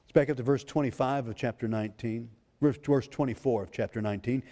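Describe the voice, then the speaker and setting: A pastor preaching a sermon, reading scripture aloud in a pleading preacher's cadence. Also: male voice, medium pitch, steady tone, a little fast, warm tone. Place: church sanctuary. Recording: long hall reverb.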